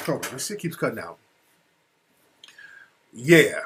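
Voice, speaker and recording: A man talking casually as an interview guest, telling a profane, animated story that gets heated. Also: medium pitch, a little slow, a little hiss or hum. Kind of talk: casual phone-style conversation. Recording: call audio cutting out.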